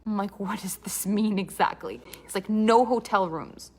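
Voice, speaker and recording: A woman's voice: medium pitch, moderate pace, breathy edge. A woman from Canada telling a comic personal story with dramatic asides and quoted dialogue.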